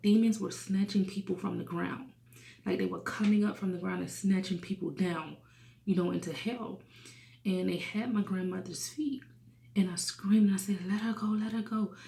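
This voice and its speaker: Recorded with a roomy sound, a medium-pitched woman's voice with vocal fry tells a personal testimony. She's in her thirties and speaks earnestly, falling to a whisper at sad moments.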